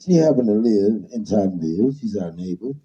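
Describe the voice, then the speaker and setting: A man hosting a casual talk show, opening with rhythmic, hyped slang before easing into relaxed chat. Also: on the low side, brisk. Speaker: show host. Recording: dull lo-fi sound.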